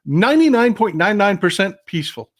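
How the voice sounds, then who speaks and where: A man's voice: sits high, very animated, fairly quick. A man hosting a livestream talk show, earnestly explaining his views and questioning his guest. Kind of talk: conversational interview.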